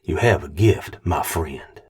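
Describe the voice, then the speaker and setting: A man voicing a teasing veteran male soldier who speaks slowly and dryly. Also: a bass voice, animated, breathy edge, heavily acted. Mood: mock-solemn.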